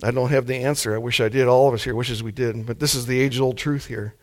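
A man's voice: mid-range voice, steady tone, fast. A man preaching a sermon in a mild-mannered, laid-back way.

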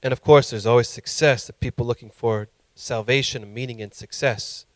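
A man's voice: mid-range voice, steady tone, fairly quick, dry recording. A male pastor preaching a sermon with impassioned emphasis that rises to emphatic peaks.

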